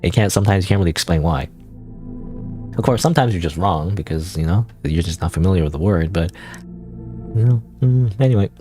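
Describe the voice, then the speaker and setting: A male streamer thinking out loud as he plays, his low voice bouncing around in pitch. He rambles, doubling back and correcting himself, with soft music faint in the background. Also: animated, fairly quick, long pauses. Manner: rambling, with many fillers and self-corrections. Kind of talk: casual let's-play commentary.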